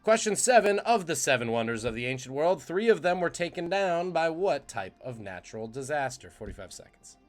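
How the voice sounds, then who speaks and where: A man's voice: a little high, very animated, a little fast, few pauses. A man hosting a live trivia stream, joking and reading out the chat's guesses. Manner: jokey, punning, reads chat aloud. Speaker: trivia quiz host.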